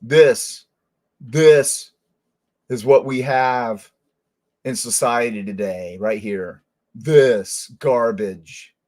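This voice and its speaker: A man's voice: medium pitch, drawn-out words, long pauses, darkish tone. Angry man ranting as show host. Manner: heated, profane ranting. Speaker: host, former detective. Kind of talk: angry commentary.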